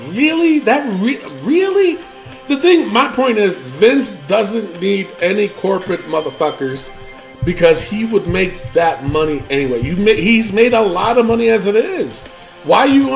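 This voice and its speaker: A man's voice: sits high, gravelly. A man co-hosting a wrestling podcast, ranting casually with lots of fillers and profanity. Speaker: podcast co-host.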